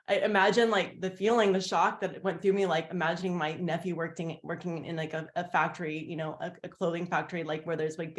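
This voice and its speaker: A woman giving a heartfelt personal testimony on a team call, rambling with many fillers and restarts and acting out what others said. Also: fairly low pitch. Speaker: team leader sharing her story.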